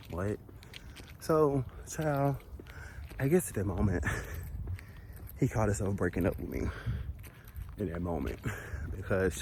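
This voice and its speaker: A man's voice: sits low, noisy background. A young man vlogger telling a casual storytime while walking outdoors, sassy and chatty with asides to his viewers.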